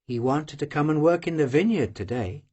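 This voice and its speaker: An audiobook reader voicing a proud, serious young Cossack woman who answers quietly and firmly. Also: mid-range voice, expressive, normal speed, breathy edge, voice pushed down. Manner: quiet, firm, curt replies. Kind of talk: audiobook character voice.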